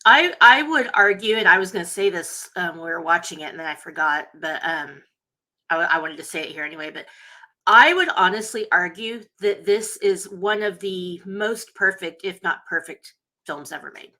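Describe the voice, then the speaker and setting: A woman's voice: on the low side, animated, normal speed, pushed and bright. A woman co-hosting a movie podcast in casual, giggly, rambling chat. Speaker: podcast co-host.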